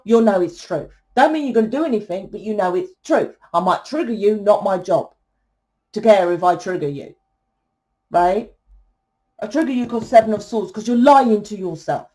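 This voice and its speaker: A woman's voice: medium pitch, mellow. A woman giving a tarot reading in a fiery, blunt monologue, swearing freely and asking "right?" often. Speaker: tarot reader.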